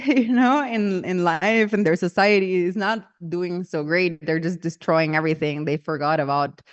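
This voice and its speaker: A woman casually retells an old myth in her own words, chatty and full of fillers. The recording sounds dull and lo-fi. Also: fairly low pitch. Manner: chatty, many fillers, laughs often. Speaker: storyteller.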